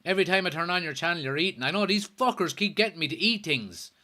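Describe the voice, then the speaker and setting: A man's voice: sits high, expressive, fast talker, bright, forceful tone. An Irish man hosting a casual football watchalong livestream, joking, swearing and reading viewer comments aloud. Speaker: host.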